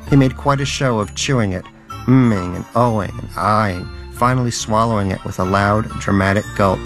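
A man's voice: on the low side, normal speed. A man narrating an audiobook story in a dry, wry manner. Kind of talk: scripted narration. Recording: faint background music.

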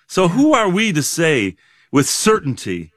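A man in his sixties, a guest in an interview, talking reflectively with many pauses, fillers and restarts. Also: on the high side, huge pitch swings, no echo, clean studio sound. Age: 60s.

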